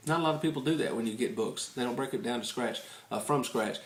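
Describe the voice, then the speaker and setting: A man from Tennessee with a Southern US accent chats through a casual video review in a folksy, rambling, good-humored way. His voice sits at an everyday middle pitch. The indoor room leaves a noticeable roomy echo. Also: fast. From Tennessee, United States. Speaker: ukulele book reviewer.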